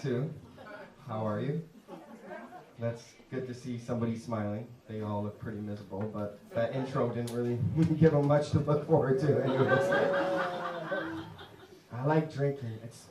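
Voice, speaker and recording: A man from Canada doing a live stand-up set, self-deprecating and chatting with the crowd. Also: fairly high pitch. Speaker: stand-up comedian. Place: comedy pub stage in London. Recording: roomy club sound from far off, audience around. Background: audience laughing.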